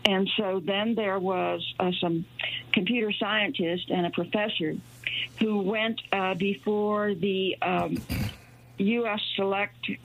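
Woman caller, husky, telephone audio, meandering and halting. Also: mid-range voice, steady tone. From New Mexico. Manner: rambling, halting with many fillers. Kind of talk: call-in radio talk. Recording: tinny phone line.

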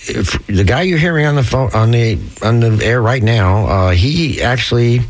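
A man in his sixties hosting a relaxed talk show, chuckling and chatting easily with his guest. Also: mid-range voice, moderate pace. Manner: easygoing, chuckling, backchannels. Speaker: host. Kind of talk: casual chat.

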